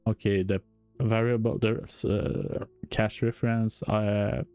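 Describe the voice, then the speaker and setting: A man with a French accent, a native French speaker, explains game code on a live stream in a halting, self-correcting way, chuckling at his own slips. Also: fairly low pitch, little pitch movement, darkish tone, clean tone, muffled recording, soft background music.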